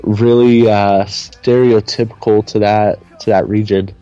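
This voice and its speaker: A man's voice: on the low side, flat delivery, a little slow, warm tone, dull audio, soft background music. A man co-hosting a podcast, teasing and bantering crudely in casual chat. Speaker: podcast co-host.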